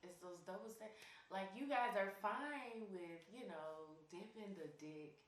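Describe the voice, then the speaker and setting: A woman's voice: medium pitch, measured pace. A woman from Florida with a slight Southern accent, co-hosting a podcast in a blunt, crude, joking way. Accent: Florida Panhandle Southern. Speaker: podcast co-host. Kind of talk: casual podcast chat. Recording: echoey room, far from mic, faint hiss.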